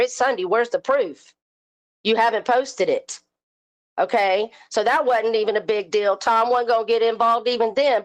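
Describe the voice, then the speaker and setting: Furious woman ranting. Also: a little high. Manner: confrontational, cursing, taunting. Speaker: live stream host. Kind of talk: angry profane rant.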